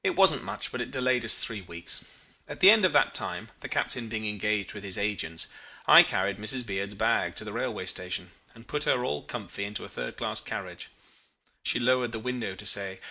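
A man reads a literary story aloud with a very bright, sharp tone. His delivery is expressive and reflective, shifting pitch to bring scenes to life. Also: normal speed, gravelly. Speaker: narrator. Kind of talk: audiobook reading of a literary story.

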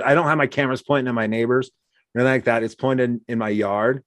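A man's voice: mid-range voice, fast talker, dry recording, studio quality. A man talking casually as host, telling stories and acting out what people said. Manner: animated storyteller, acts out quotes. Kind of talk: casual conversation.

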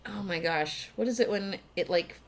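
A woman co-hosts a podcast and talks about movies with obvious enthusiasm, her casual chat laced with swearing. She's quick to jump in and correct things. Her voice is mid-range, with a slight hiss or hum on the recording.

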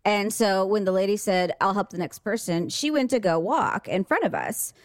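A woman's voice: medium pitch, moderate pace, no echo, studio quality. A middle-aged woman co-hosting a podcast, telling a story in casual chat and acting out the quoted dialogue. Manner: animated, acts out quoted dialogue.

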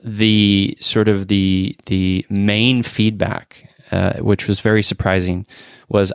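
A man's voice: lowish voice, flat delivery, slow pace, clear, resonant tone, no echo, studio quality. A man of forty hosting a casual interview, talking earnestly with frequent restarts and fillers. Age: 40s. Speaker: podcast host.

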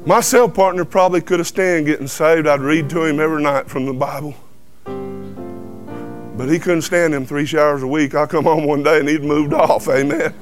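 A man's voice: fairly high pitch, moderate pace, music in the background. Folksy man telling his testimony. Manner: animated storyteller who acts out quoted dialogue. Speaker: guest giving testimony. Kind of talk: folksy personal testimony storytelling. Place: truck cab.

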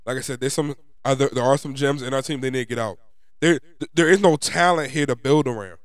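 A man's voice: medium pitch, brisk, dry recording, clean studio sound. A young man from New York with a New York accent, ranting in a frustrated, profane, emphatic way as a sports fan vlogger.

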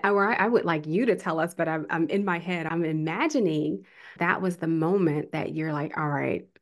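A woman's voice: low voice, moderate pace. A woman hosting an interview, asking reflective and encouraging questions. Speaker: podcast host.

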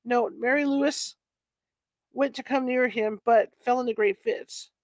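A woman's voice: a little high, steady tone, measured pace, no echo. Dry-voiced woman reading a history book aloud. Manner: stumbles and corrects herself with chatty asides. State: bothered by allergies. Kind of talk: casual read-aloud of a nonfiction book.

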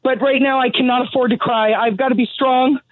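A woman's voice: sits high, steady tone, fairly quick, dry recording. A middle-aged woman calling in to a radio show, out of breath from pacing, angry and grieving as she rants bluntly. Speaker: caller. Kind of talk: phoned-in talk radio call. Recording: tinny phone line.

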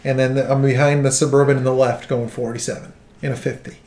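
A man telling a profane, animated story in casual chat, quoting the people in it. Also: mid-range voice, quick pace. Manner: animated, profane anecdote-telling with quoted dialogue. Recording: roomy room echo.

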